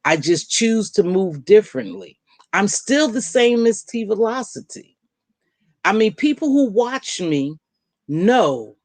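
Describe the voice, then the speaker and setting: A woman's voice: on the low side, dry recording. A woman host talking casually to her viewers, emphatic and direct, repeating her points for stress. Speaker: video host answering viewer comments. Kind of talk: casual livestream talk.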